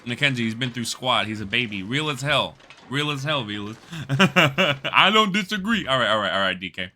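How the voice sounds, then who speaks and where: A man's voice: mid-range voice, animated, normal speed, pushed and bright. A man streaming a video game, bantering loosely with his chat, swearing and laughing often. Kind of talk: casual gaming livestream chat.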